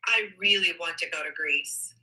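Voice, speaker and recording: A woman co-hosting a casual livestream chat who talks excitably and laughs often. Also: on the low side, moderate pace, poor audio. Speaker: livestream co-host.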